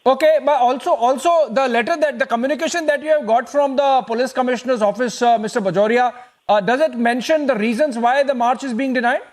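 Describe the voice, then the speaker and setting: A man's voice: very high voice, a little fast, darkish tone. A man, a news anchor moderating a live debate, probing guests with hesitant fillers.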